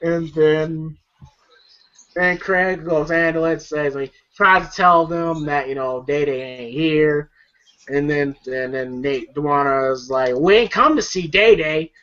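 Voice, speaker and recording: High-voiced man rambling through a movie recap. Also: steady tone, slow, bright, forceful tone, smooth, dull audio. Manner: rambling, laughing, swears freely. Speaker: movie reviewer.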